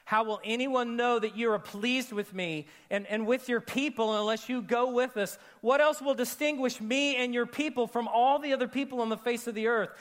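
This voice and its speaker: A man preaching a sermon to a congregation, animated, acting out quoted voices and dropping to soft, intimate tones for emphasis. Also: very high-pitched, normal speed, hardly any pauses. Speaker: pastor. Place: church auditorium with a congregation.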